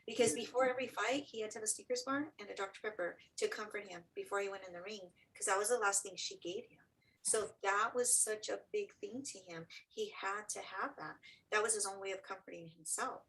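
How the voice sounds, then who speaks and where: A woman's voice: mid-range voice, a little fast, a bit bright, poor audio. A middle-aged woman, an interview guest, telling a personal story with earnest feeling and acting out what others said.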